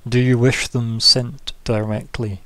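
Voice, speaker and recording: A man puts on a cold, amused noblewoman who has just taken power as governor in a tabletop game. She talks slowly and quietly, weighing each word with imperious calm, and her voice is dry and close. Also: medium pitch, dry recording. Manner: slow, measured, imperious.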